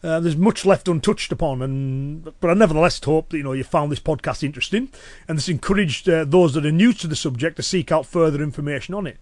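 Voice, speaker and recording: A man with a Cumbrian accent hosting a podcast alone, talking in a relaxed, chatty way with lots of fillers. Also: on the high side, fast, no room sound. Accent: Cumbrian English. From Cumbria, northwest England. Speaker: podcast host and self-protection instructor. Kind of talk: solo podcast talk.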